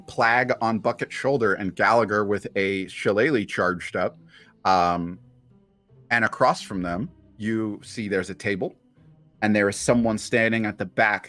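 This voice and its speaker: A man narrating as game master of a tabletop game, relaxed and unhurried. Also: on the low side.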